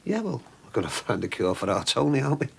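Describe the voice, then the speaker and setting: An actor playing a chatty, emotional shopkeeper in a soap opera. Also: male voice, medium pitch, sing-song, fast talker, creaky, breathy edge, exaggerated voice. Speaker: shopkeeper raising money for his sick brother.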